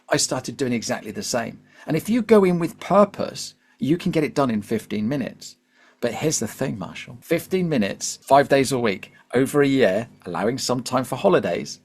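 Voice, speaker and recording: Man, West Country accent, podcast guest, chatty and upbeat, casual interview talk. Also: mid-range voice. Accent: West Country English. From Devon, England. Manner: chatty and upbeat, talks in quick bursts.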